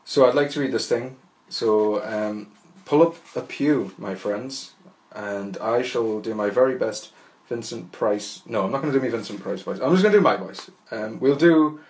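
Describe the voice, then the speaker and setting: A man's voice: mid-range voice, moderate pace, a little mellow, poor audio. A man hosting a solo podcast who rambles in a wry, self-mocking way, full of restarts. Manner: wry and jokey. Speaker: podcast host.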